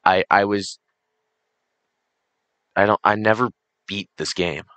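A man's voice: on the low side, steady tone, slow pace, sharp tone, clear, resonant tone, dry recording. A teenage young man rambling enthusiastically while commentating a racing game he is playing. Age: late teens. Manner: rambling, enthusiastic, many restarts and fillers. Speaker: gaming channel host. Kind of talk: casual let's-play commentary.

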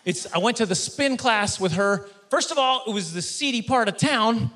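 High, bright-voiced male stand-up comic. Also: normal speed. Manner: animated storytelling, mock voices for others. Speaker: stand-up comedian. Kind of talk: stand-up comedy routine. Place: stage before a live studio audience.

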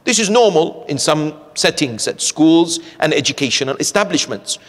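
A man giving a religious lecture at a community centre, telling stories in an animated, rhetorical way and checking in with his listeners. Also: on the high side, normal speed. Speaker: sheikh lecturing a congregation. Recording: echoey hall.

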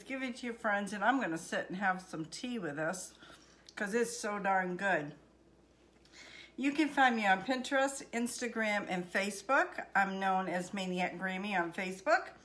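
A woman's voice: mid-range voice, normal speed, pushed and bright. An older woman with a Maine accent, chatting homespun and friendly while showing how she bakes at home. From Maine, USA. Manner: chatty, homespun, talks to viewers as folks. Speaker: home cooking vlogger. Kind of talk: casual cooking demonstration. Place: home kitchen.

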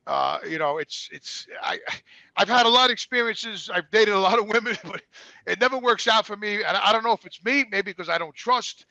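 A middle-aged man with a strikingly high, gravelly voice speaks in a bright, tense tone. He tells his story candidly and profanely, stumbling over repeated words and acting out quoted lines. The sound is close and dry. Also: expressive, brisk, dry recording, rough recording. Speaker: guest.

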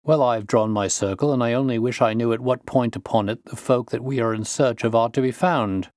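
A man's voice: medium pitch, a little fast, darkish tone, dry recording, clean studio sound, lightly acted. Bluff storybook inspector, hearty and forthright, read by a man.

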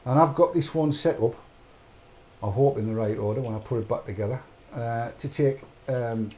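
A man's voice: mid-range voice, normal speed, warm tone. A middle-aged man hosts a casual chat, rambling along in a mid-range voice. He talks off the cuff and narrates his own actions aloud as he goes. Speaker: podcast host.

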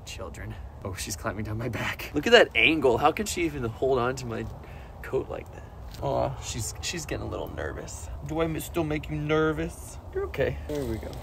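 Brief: man vlogger, casual and playful, lively swoops into baby talk for his pet. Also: medium pitch, normal speed, vocal fry, a little hiss or hum.

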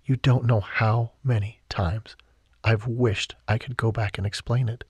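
An emotional young woman in a romance audiobook, put on by a male narrator. The voice is lifted higher and turns soft and breathy at tender moments, with a husky edge and dry, close recording. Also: steady tone, unhurried, dry recording.

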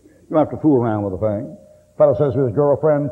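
A man's voice: medium pitch, fast talker. A middle-aged man preaching a sermon in a blunt, folksy way, cracking jokes as he goes. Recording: old tape, tinny and echoey hall.

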